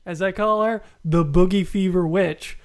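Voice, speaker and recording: Gravelly voice with a laughing, rambling delivery. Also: mid-range voice, normal speed. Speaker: podcast co-host. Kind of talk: casual chat.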